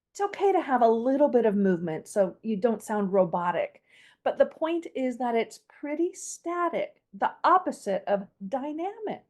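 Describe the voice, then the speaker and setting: Woman, voice coach, podcast host, fairly high voice, lively melody, playful teaching manner. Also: normal speed. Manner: demonstrates vocal melody, playful with laughs. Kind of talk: instructional podcast.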